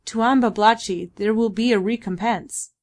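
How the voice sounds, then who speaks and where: A woman voicing a gruff boatman who mutters and growls in an audiobook. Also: on the high side, brisk, lightly acted. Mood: grateful.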